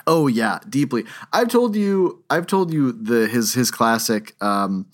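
A man's voice: medium pitch, animated, measured pace. A man co-hosting a podcast, telling stories in a casual chat with frequent laughs and fillers. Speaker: podcast co-host.

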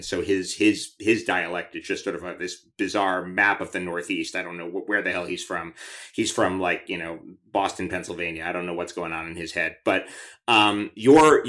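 Casting note: male podcast host, lowish voice, chatty and eager. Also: fairly bright tone. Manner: chatty, enthusiastic, many restarts. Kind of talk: conversational interview.

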